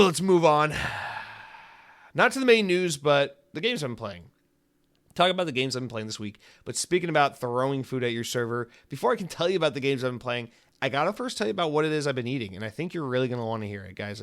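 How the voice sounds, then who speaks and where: A male podcast host talks alone in a loose, chatty monologue that drifts into silly asides. His pitch sits at a medium height for a man, and his delivery stays easygoing and conversational. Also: fairly bright tone. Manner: rambling, jokey, full of comic tangents. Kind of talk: casual solo podcast monologue.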